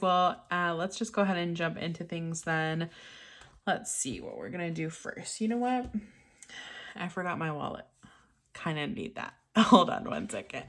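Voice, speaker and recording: A young woman chatting casually to camera at her home desk, laughing often and filling pauses with ums. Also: deep voice, fairly bright tone. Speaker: budgeting vlogger. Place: home desk in craft room.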